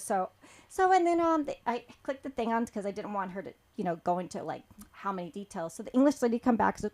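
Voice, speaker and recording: A woman telling a rambling stand-up story at an open mic in a small comedy club, halting with fillers. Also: a little high.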